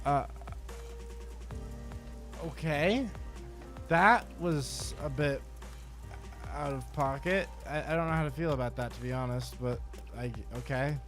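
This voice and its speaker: A man's voice: on the high side, a little slow, pauses often, a bit bright, soft background music. A man streaming a game live, talking to himself and his chat with exasperated swearing and melodramatic pleading. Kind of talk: live gameplay commentary. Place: home desk setup.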